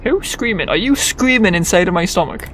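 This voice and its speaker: A young man giving goofy, excitable let's-play commentary, swearing freely and chatting to the characters on screen. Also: high voice, fairly quick, a little hiss or hum. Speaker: gamer.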